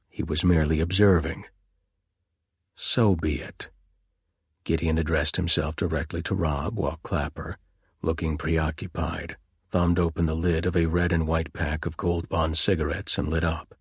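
A man narrating an audiobook in a very deep voice with a husky grain. The delivery is measured and even, recorded dry and close. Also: no room sound. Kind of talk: scripted narration.

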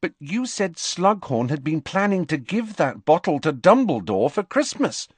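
A man reading aloud and voicing a sharp teenage girl making a pointed reminder, pitched higher than his own voice. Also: big pitch swings, normal speed, husky, no echo. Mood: insistent.

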